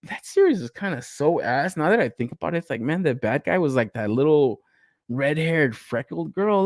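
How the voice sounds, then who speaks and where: A young man chatting casually as a podcast host, animated and laughing, swearing freely as he reacts to new toy reveals. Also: on the high side, normal speed, dry recording, studio quality.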